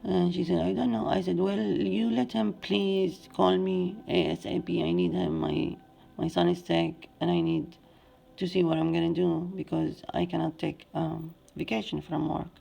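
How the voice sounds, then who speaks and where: A woman in her forties with an Arabic accent, a native Arabic speaker, telling her own story in plain, halting English. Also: on the low side, level tone, gravelly, warm tone. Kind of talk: personal testimony.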